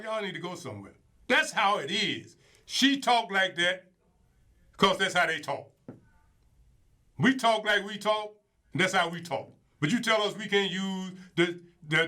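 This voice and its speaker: Guy hosting his own commentary show, really bright voice, gets emphatic and repeats himself a lot. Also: high-pitched. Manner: emphatic and colloquial, repeats words for stress. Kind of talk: opinionated casual commentary.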